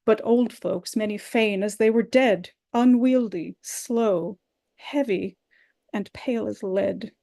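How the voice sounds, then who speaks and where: A woman's voice: mid-range voice, takes it slowly, creaky, dark tone. A woman reading the part of a young girl in love, impatient and pleading, in a Shakespeare play reading. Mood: longing. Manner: urgent, pleading, rising exclamations.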